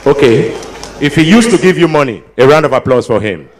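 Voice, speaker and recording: A man with a Nigerian accent doing stand-up comedy at a ceremony, bantering with the crowd and slipping into pidgin with sudden loud outbursts. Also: mid-range voice, animated, brisk, slight background noise. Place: large ceremony before an audience.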